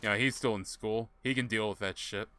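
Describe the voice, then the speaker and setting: A man's voice: fairly low pitch, steady tone, brisk, bright, forceful tone, slight background noise. A man streaming a game, chatting to his viewers and telling rambling, profane stories. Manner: rambling, profane, laughing storyteller. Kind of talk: casual gameplay commentary.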